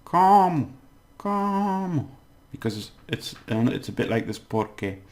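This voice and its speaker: Male language tutor, patient and deliberate, gravelly, sounds out each syllable. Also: fairly low pitch, little pitch movement, darkish tone. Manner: patient, repeats words slowly syllable by syllable. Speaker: Spanish language teacher. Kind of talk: casual spoken language lesson.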